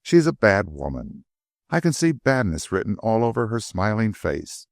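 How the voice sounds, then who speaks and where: A man voicing an earnest, tender young gentleman speaking impetuously in an audiobook. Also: fairly low pitch, sing-song, normal speed, vocal fry, no room sound, studio quality.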